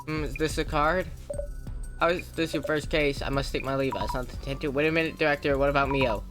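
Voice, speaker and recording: A streamer reads the dialogue of a story game aloud on a live stream. The voice is plain and mid-pitched. Game music plays clearly underneath. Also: fairly even intonation, fairly quick.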